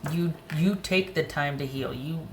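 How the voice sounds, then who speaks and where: A woman giving a casual tarot reading to camera, animated and opinionated, speaking straight to the viewer. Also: low-pitched, unhurried, background noise. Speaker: tarot reader.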